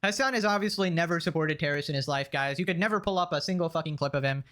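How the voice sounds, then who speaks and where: Male host, high bright voice, quick sarcastic commentary. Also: faint music behind. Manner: mocking, sarcastic asides. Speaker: reaction host reading along.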